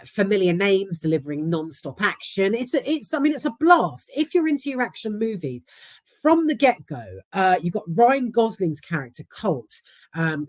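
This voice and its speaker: A woman's voice: on the low side, no echo. A woman with a London accent, casually giving a candid, swear-filled film review. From South London. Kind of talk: casual chat.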